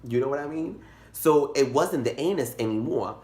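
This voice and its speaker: A young man telling a comic story in a vlog, animated and dramatic, jumping into high squeals. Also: moderate pace. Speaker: vlogger. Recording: echoey room.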